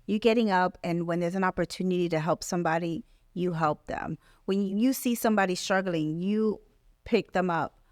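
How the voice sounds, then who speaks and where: A woman's voice: fairly low pitch, normal speed, no echo, clean studio sound. A woman real estate agent as a guest on a casual podcast interview, talking in an earnest, emphatic way with many restarts.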